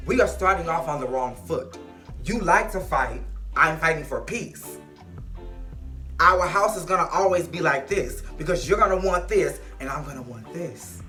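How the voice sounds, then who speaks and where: A man giving a casual, sassy recap of a reality show on his vlog, animated and outspoken. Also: high-pitched. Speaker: vlogger, reality TV commentator.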